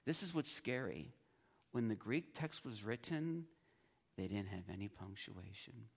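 A man's voice: on the low side, animated, a little slow, vocal fry, slightly rough. A man teaching a Bible class in a conversational way, sometimes acting out his students' puzzled reactions.

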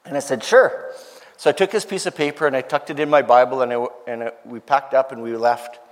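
A man's voice: mid-range voice, fairly quick. A man telling an emotional story in a sermon, earnest and heartfelt, acting out the voices of the people he quotes. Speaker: preacher. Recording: long hall reverb.

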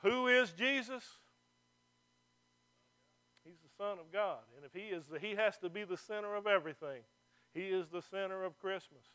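A man's voice: high-pitched, normal speed, pauses often, pushed and bright, smooth. A male pastor, preaching a folksy, fervent sermon to a church.

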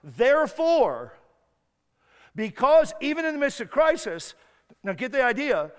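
Male guest preacher, clear resonant voice, high-pitched, emphatic and repetitive, echoing church hall. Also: sing-song, normal speed. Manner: emphatic, repeats words and restarts, acts out prayers. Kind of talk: sermon. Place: church sanctuary. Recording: long hall reverb.

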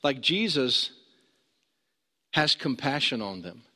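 A man preaching a sermon as pastor, earnest, rising high when he urges and dropping low and slow for emphasis. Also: sing-song, bright, forceful tone, in a large hall.

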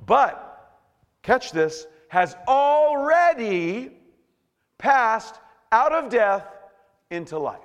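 A male pastor preaching a sermon, swinging from hushed, slow words to shouted bursts. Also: very high-pitched, sing-song, big-room sound.

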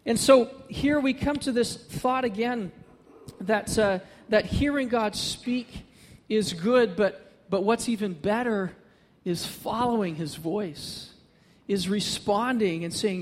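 A man's voice: high voice, takes it slowly, long reverb tail, slight background noise. A man preaching a sermon as pastor, earnest and building to emphatic repetition, speaking to a congregation.

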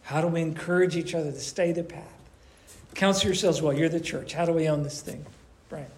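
A man preaching a conversational sermon to his church, animated and acting out little voices as he talks. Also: a little high, a little fast. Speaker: pastor.

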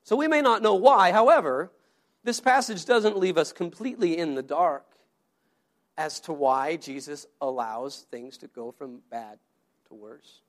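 A man's voice: fairly high pitch, expressive, unhurried. A male pastor giving a conversational sermon, asking the congregation questions and often repeating his words.

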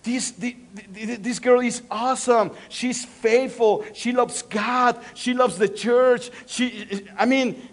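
A man with a Spanish accent playing an eager young man smitten with a woman at church, gushing excitedly. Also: very high voice, slow pace, voice pushed up, full character voice.

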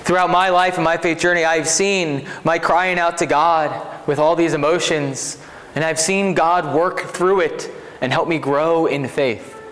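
A man's voice: on the high side, fairly even intonation, a little slow, a bit bright, long reverb tail, a little hiss or hum. A man preaching a sermon as pastor in a conversational way, often checking in with his listeners. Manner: conversational, asks 'right?' often.

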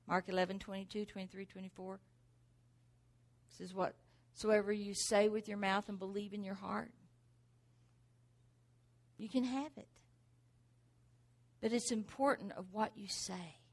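A woman's voice: mid-range voice, steady tone, a little slow, pauses often. A middle-aged woman preaching a sermon, driving points home with rhetorical questions and repeated exhortations.

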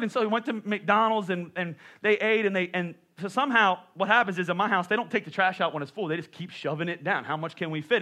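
Pastor, male, thirties, bright high voice, playful storytelling sermon with self-mocking humor.

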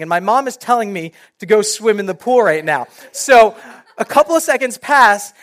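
High-voiced young man preaching casually. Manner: casual, animated storyteller. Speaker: youth pastor. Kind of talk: sermon with personal storytelling.

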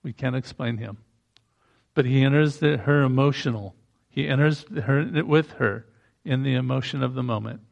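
A man's voice: medium pitch, moderate pace, vocal fry, highs cut off. A man preaching a sermon in a conversational way, breaking into emphatic rising bursts.

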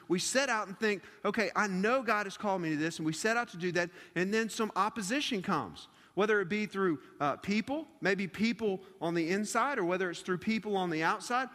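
A youth pastor with a fairly high voice for a man, preaching a sermon in a conversational, animated storytelling style. A long reverb trails after his words, as in a church hall. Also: normal speed, hardly any pauses.

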